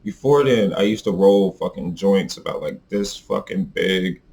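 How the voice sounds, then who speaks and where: A man's voice: sits low, unhurried, gravelly, darkish tone. A young man talking casually to his viewers in a rambling, profane, heated rant. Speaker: vlogger reviewing vape carts.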